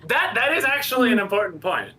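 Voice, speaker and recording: A man running a tabletop game as dungeon master, giving calm rulings and lively narration. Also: high voice, fast talker, over a noisy crowd.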